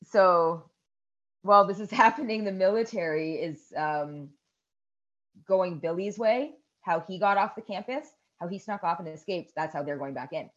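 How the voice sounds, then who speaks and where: A woman in her thirties co-hosting a podcast, casually retelling a movie scene by scene, swearing and shrieking the characters' yells. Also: on the low side, moderate pace, dull audio. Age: 30s. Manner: animated storytelling with loud shrieks and swearing. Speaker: podcast co-host. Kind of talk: casual chat recapping a movie.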